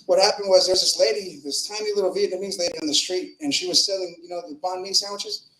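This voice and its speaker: A man's voice: high-pitched, fairly even intonation, fast, bright, forceful tone. A man doing a crude, rambling open mic stand-up set in a comedy club, speaking into a stage mic with filler words and swings in volume. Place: comedy club with live audience. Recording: roomy club echo.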